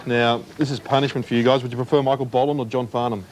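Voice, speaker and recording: A man's voice: mid-range voice, flat delivery, quick pace, a loud crowd, heavy background noise. An Australian man doing a prank comedy bit as a mock-official parking attendant, teasing passers-by in a car park. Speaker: comedy segment presenter posing as parking attendant.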